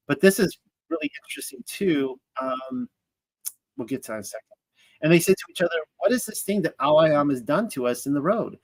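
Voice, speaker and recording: A man's voice: fairly high pitch, big pitch swings, a little fast, husky, no echo, poor audio. A man reading scripture aloud and commenting in a casual, thinking-aloud way, with fillers and restarts. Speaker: Bible study teacher.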